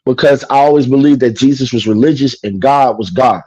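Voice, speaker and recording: A man tells his story in an easygoing, streetwise way, with a mellow, warm tone. He slips into the voices of the people he quotes, and the recording sounds dull and lo-fi, close and dry with no room echo. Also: mid-range voice, fairly quick, breathy edge. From Chicago. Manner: animated, mimics people in quotes, streetwise slang. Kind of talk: casual storytelling conversation. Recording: dull lo-fi broadcast audio.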